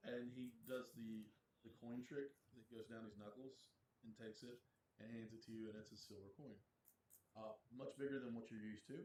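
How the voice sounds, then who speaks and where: A man's voice: medium pitch, steady tone, moderate pace, darkish tone. A man narrating as game master of a tabletop game, descriptive and full of fillers, in an echoey room. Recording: echoey room with faint noise.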